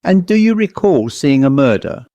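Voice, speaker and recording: A man's voice: a little high, very animated, moderate pace, mellow, no room sound, muffled recording. Man voicing a proud provincial English bobby in an audiobook, polite and probing; dry, close sound. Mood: uneasy. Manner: polite, inquisitive, increasingly uneasy. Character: rotund mid-thirties village police constable, proud.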